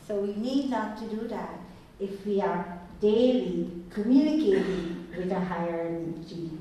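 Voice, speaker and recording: A woman spiritual teacher giving a calm, measured talk to a group and asking them questions, recorded in a room with an audience. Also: fairly high pitch. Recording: echoey room, distant mic.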